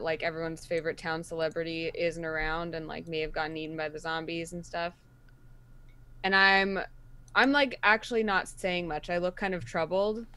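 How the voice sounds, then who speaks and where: A woman's voice: fairly low pitch, fairly bright tone, smooth. A woman playing a tabletop game, hesitantly describing her character with lots of fillers. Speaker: player.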